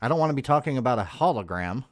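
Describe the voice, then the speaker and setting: A man's voice: medium pitch, animated, fast. A man hosting a profane reaction commentary, blunt and sarcastic, swearing freely. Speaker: commentary host.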